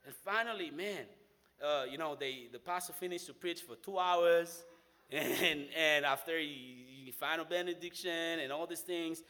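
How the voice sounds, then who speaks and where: A young man from Haiti with a Haitian accent, telling a personal faith testimony in an animated way, often saying "man". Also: fairly high pitch, a little slow. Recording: long hall reverb.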